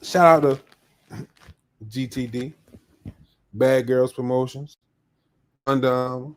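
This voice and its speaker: A man's voice: mid-range voice, steady tone, takes it slowly. A man hosting a live podcast in casual chat, upbeat and slangy as he greets viewers by name. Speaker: podcast host.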